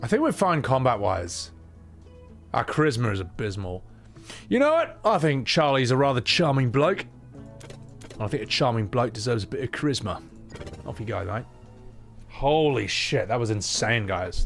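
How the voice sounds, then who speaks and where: A male game streamer talking casually with his chat, excitable and quick to swear and joke. His mid-pitched voice leaps up and down as he reacts. Soft game music plays faintly underneath. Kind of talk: casual gameplay commentary.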